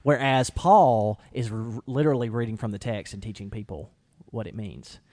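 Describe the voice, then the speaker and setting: Animated man acting out quotes. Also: lowish voice, moderate pace. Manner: animated, acts out quotes with lively voices. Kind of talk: casual podcast discussion.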